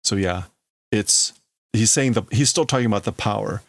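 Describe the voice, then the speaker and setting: A man hosting a livestream, working slowly through a manga translation out loud, halting and stopping often to explain words. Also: fairly low pitch, no echo. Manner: slow, halting, stops to explain words and reads lines in a raised voice. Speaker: livestream host. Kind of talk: casual live translation of a manga.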